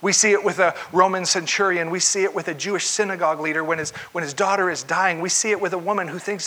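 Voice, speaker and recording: Man preaching, kinda high voice, bright n a bit husky, tells the story with lots of feeling. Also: fast talker, hardly any pauses, rough recording. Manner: expressive storytelling, acts out the scene. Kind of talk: sermon.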